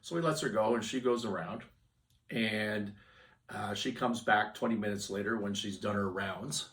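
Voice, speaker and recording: Male podcast host, low voice, off-mic a bit, lively storyteller. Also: normal speed, distant mic. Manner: animated storyteller, loud when quoting others. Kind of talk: casual storytelling monologue.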